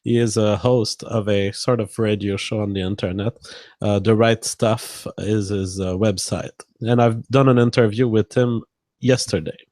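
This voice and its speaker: A man appearing as a guest on a livestream, chatting casually and explaining things in a measured way. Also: lowish voice, fairly even intonation, darkish tone, no echo. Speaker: guest commentator.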